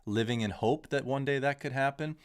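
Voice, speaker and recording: A man's voice: medium pitch, a little fast, clear, resonant tone. A man in his thirties hosting a crypto livestream, talking casually and candidly in a rambling, opinionated way with frequent restarts. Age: 30s.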